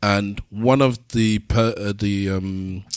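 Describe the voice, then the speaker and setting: A man's voice: fairly low pitch, steady tone, slow, clean tone, no room sound, studio quality. A man co-hosting a podcast, musing in easygoing casual chat. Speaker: podcast co-host.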